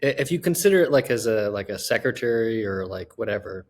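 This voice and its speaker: A man's voice: fairly low pitch, animated, fast. A young man co-hosting a casual podcast, hesitant and restarting his sentences. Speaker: podcast co-host. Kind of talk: casual chat.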